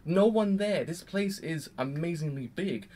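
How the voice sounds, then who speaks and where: A man giving a casual, rambling review of an anime episode, excitable and full of fillers. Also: fairly high pitch, unhurried. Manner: rambling and excitable, heavy use of "like".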